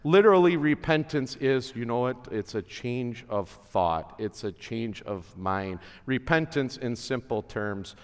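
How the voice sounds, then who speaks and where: A male pastor giving a chapel sermon at a school, speaking slowly and earnestly with relaxed conversational asides. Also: mid-range voice, smooth. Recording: long hall reverb.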